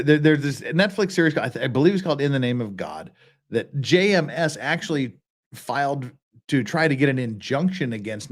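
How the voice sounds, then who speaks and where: Man, casual stream host, rambling jokey talk, swoops up and down in pitch. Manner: rambling, joking, many restarts. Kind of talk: casual live-stream chat. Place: lives in Korea.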